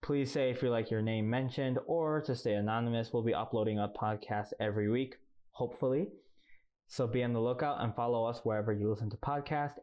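A man co-hosting a casual podcast, blunt and quick to laugh. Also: mid-range voice, fairly even intonation, dull audio. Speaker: podcast co-host.

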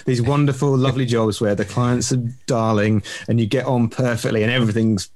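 A man in the middle of the usual pitch range talks as a podcast guest, recorded dry and close. He reflects on business and work and often closes his points with tag questions. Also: fairly even intonation, a little fast, a little mellow, no room sound. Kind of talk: casual business podcast chat.

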